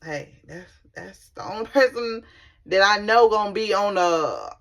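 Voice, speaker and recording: A young adult woman vlogger telling a personal storytime in an animated, chatty way with casual slang. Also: mid-range voice, a little slow, a little hiss or hum. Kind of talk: storytime vlog.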